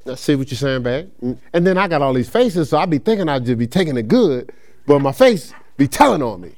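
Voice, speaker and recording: A man preaching a sermon as pastor, conversational and animated, acting out little dialogues and laughing often. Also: a little high, brisk.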